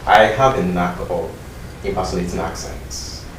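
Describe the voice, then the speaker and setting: A man's voice: low-pitched, steady tone, moderate pace. A young man introducing himself at an audition, earnest and a little hesitant. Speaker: auditioning actor. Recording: roomy, distant, noisy.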